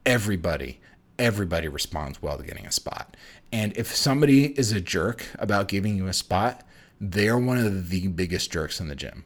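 A man hosting a casual fitness vlog. He gives strength-training advice in a chatty, animated way, full of fillers and restarts. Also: low voice, fairly quick. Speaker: fitness channel host.

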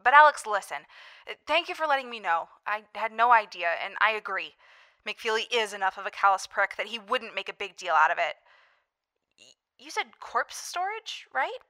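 An actress playing a caring female doctor who speaks gently and stammers a little. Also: mid-range voice, sing-song, normal speed. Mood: reassuring. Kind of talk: audio drama acting.

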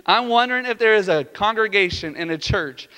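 A high-pitched man preaching with a bright, forceful tone. He is playful and animated, and he acts out prayers and dialogue in a raised voice. His words ring out in a church with long, lingering reverb. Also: fairly quick, smooth. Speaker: pastor. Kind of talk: sermon. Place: church sanctuary.

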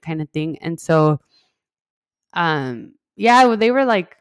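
A woman's voice: lowish voice, very animated, moderate pace, no echo, clean studio sound. A young woman from West Texas casually telling her own story, chatty and full of "like", acting out what others said. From West Texas, USA. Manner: chatty, heavy use of "like", acts out quoted dialogue.

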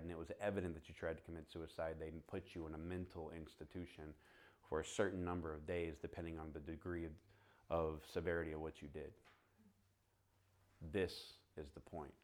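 Brief: male pastor, deep low voice, animated sermon storyteller who acts out dialogue.

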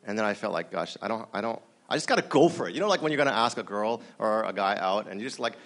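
A man's voice: on the low side, quick pace. A man preaching a sermon in a conversational storytelling way, talking straight to the audience and acting out the dialogue he quotes. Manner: animated, acts out quoted dialogue; conversational, addresses the audience directly.

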